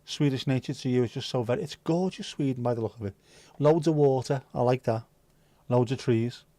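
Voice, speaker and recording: A man's voice: medium pitch, brisk, mellow, dry recording. Chatty Scouse man, dry sound. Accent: Liverpool (Scouse). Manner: jokey, rambling, chatty. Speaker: livestream host. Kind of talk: casual livestream chat.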